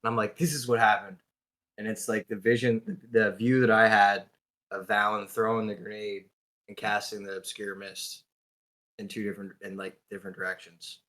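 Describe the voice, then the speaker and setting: A man playing a tabletop game, describing his character's actions in an excitable, rambling way. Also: lowish voice, moderate pace. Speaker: player.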